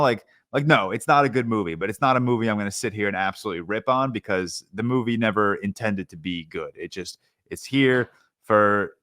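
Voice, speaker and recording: A man's voice: fairly low pitch, sharp tone, no echo, clean studio sound. A young man co-hosting a podcast, chatting casually about a film with lots of fillers and restarts. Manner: rambling with many fillers and restarts. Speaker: podcast co-host, film reviewer. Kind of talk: casual movie review chat.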